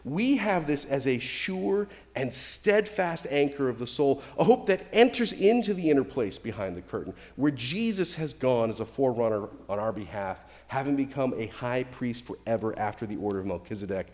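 A middle-aged male pastor preaching a sermon, animated and emphatic, with swings between loud and quiet. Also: medium pitch, moderate pace, hardly any pauses. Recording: long reverb from a hall.

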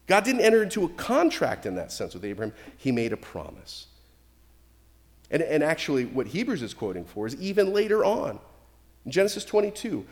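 Lively male preacher in a reverberant hall. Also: a little high, brisk. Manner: animated, emphatic preaching with swings in loudness. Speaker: pastor. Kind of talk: sermon.

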